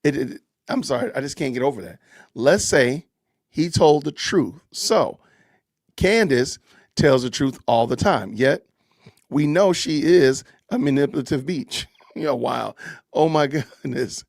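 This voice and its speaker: Man with a gravelly, lively voice. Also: medium pitch, measured pace, no echo, studio quality. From Southern United States. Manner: chatty, reads out viewer comments and thanks donors, repeats phrases. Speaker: podcast host. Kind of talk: casual live-stream commentary.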